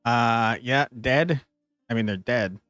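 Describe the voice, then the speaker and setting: A man streaming a tactical board game, commentating as he plays and often swearing and yelling at the game in frustration. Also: mid-range voice, slow pace, no room sound, clean studio sound, faint music behind. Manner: exasperated, swears and yells at the game. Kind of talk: gameplay commentary.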